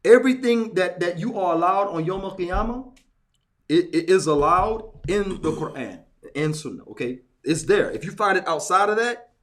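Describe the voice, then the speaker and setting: A man's voice: high voice, moderate pace. A man on a casual group talk show, telling a story with lots of repetition for emphasis. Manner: animated storyteller, repeats phrases for emphasis.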